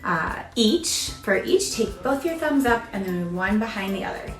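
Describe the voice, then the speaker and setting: A woman teaching children a verse in sign language with slow, step-by-step instructions. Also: medium pitch, expressive, soft background music. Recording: echoey room.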